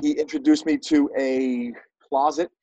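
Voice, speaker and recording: A man's voice: a little high, steady tone, unhurried, dark tone, no echo, lo-fi sound. A man from Brooklyn with a New York accent, a podcast guest who talks hesitantly with a self-deprecating humor. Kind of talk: casual chat.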